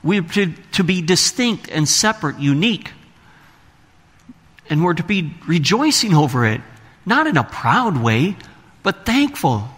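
A man's voice: a little high, very animated, unhurried, a bit bright, breathy edge. A man preaching a sermon to his congregation, reading scripture aloud and asking the listeners questions. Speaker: pastor. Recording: long hall reverb.

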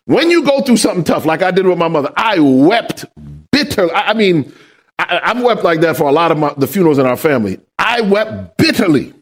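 Preacher man with a high voice, swings way up and down, throws questions at the crowd then hollers the point. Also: big pitch swings, a little fast. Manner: call-and-response questions to the congregation; builds to shouted emphasis. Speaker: pastor. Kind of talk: sermon.

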